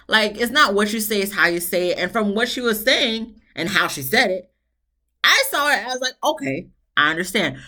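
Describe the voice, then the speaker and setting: A woman, recapping a reality show episode in a casual, animated way and acting out the quotes. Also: mid-range voice. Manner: chatty, animated retelling with voiced quotes. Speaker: TV show reviewer.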